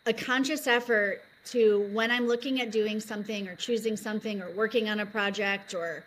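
A woman's voice: medium pitch, steady tone, normal speed, fairly bright tone, a little hiss or hum, poor audio. A woman in her thirties, a guest on a podcast, chatting in a bubbly way, laughing easily and saying "like" a lot. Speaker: podcast guest, energy coach. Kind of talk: casual interview chat.

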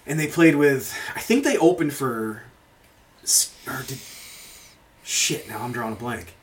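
A man's voice: medium pitch, animated, a little slow, slight background noise. A man hosting a podcast, chatting casually and rambling through stories with frequent swearing and laughter. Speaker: podcast host. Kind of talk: casual chat.

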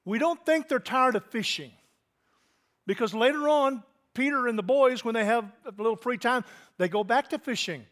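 A man's voice: very high voice, normal speed, fairly bright tone. A middle-aged man preaching a sermon as pastor, conversational and asking his congregation questions.

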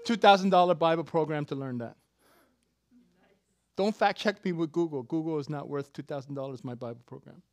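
A preacher giving an animated, playful sermon with sudden shouts and laughter, recorded close and dry. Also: medium pitch, fairly quick, dry recording.

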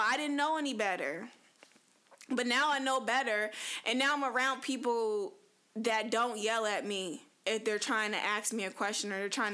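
A woman's voice: a little high, bright, forceful tone. A woman talking frankly to camera in a casual personal monologue, chatty and full of fillers. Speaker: vlogger.

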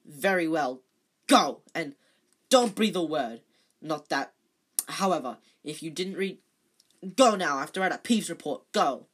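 A reader voicing a furious, spluttering old male school caretaker, loud and stammering. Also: mid-range voice, a little slow. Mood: flustered.

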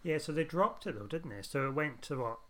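A man's voice: on the high side, a little fast. A man, co-hosting a podcast and chatting casually about a comic he likes. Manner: relaxed, rambling comic review. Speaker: podcast co-host. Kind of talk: casual chat.

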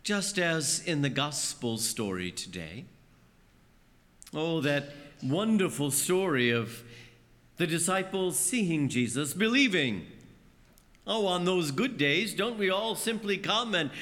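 During a sermon in a church with long reverb, a man preaching as a priest tells stories and performs different voices. He speaks slowly in a slightly bright voice, his pitch swinging widely.

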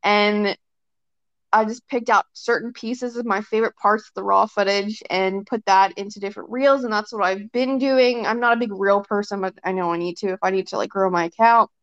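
A young woman talks casually as a podcast guest, at a middle pitch. Her talk is loose and full of fillers and quick acted-out quotes. The recording is dry and a little dull. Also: steady tone, clear, resonant tone, dry recording. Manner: chatty, filler-heavy, often acts out quotes. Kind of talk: casual chat. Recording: dry, slightly dull sound.

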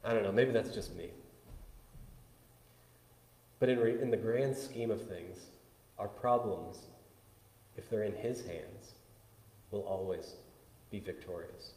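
A man pastor preaching a conversational sermon, swinging between loud bursts and hushed asides. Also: lowish voice, slow, long pauses. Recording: echoey hall with long reverb.

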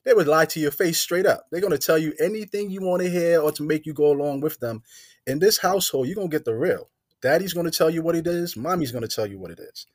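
A man's voice: on the high side, fast talker, no echo, studio quality. A man guesting on a podcast, telling stories in casual chat and acting out the voices of the people he quotes. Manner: animated, acts out quoted voices.

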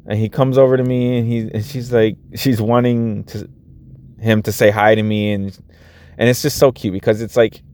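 A man's voice: lowish voice, flat delivery, moderate pace, darkish tone. A man in his thirties talking casually to his viewers as a vlogger, earnest and rambling, with many restarts. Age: 30s. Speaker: vlogger and after-school teacher. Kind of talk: casual vlog talk to viewers.

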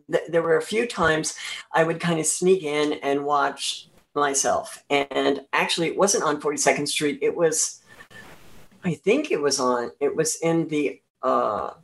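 A woman in her sixties from New Jersey, a guest recalling her career in a rambling, halting way. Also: low voice, poor audio. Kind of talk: casual interview, reminiscing.

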